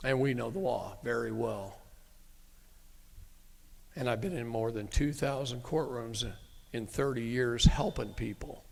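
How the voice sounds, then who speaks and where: A middle-aged man tells a story to a live audience in a meeting room, blunt, folksy and emphatic, with occasional cursing. His medium-pitched voice is a little slow with vocal fry and long pauses, with a long reverb tail and slight background noise.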